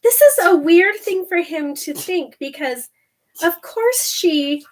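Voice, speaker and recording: A woman's voice: very high voice, animated, takes it slowly. A woman co-hosting a podcast, chatting in an amused, chatty way. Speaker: podcast co-host. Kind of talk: casual chat.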